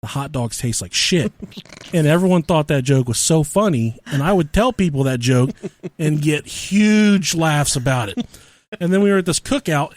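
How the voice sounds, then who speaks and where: A man's voice: a little high, dry recording. A man co-hosting a podcast, telling stories in a casual comedic way, swearing a lot and laughing often between lines. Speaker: podcast co-host.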